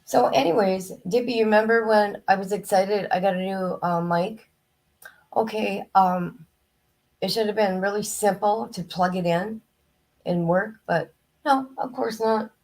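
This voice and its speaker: A hoarse woman hosting a live stream, chatting casually and greeting her viewers by name. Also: medium pitch, measured pace, darkish tone. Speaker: livestream host. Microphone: new desk microphone, headset off.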